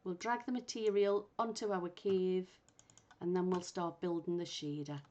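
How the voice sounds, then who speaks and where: Patient woman talking through a software tutorial. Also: on the low side, steady tone, normal speed. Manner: patient, thinks aloud while working. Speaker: instructor. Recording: muffled lo-fi recording.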